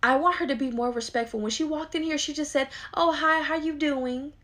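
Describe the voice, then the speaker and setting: A bossy, indignant middle-aged mom who puts her son first and scolds her daughter in a rapid, clipped rush, as a woman acts her out. Her voice sits a little high and she talks fast in this comedy skit. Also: a bit bright. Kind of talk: skit role-play.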